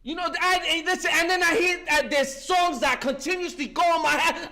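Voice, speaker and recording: A man's voice: very high voice, fairly even intonation, a little fast, hardly any pauses, sharp tone. A man in his fifties giving a fervent, profane share at a recovery meeting, talking street-style and breaking in with "listen" again and again. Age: 50s.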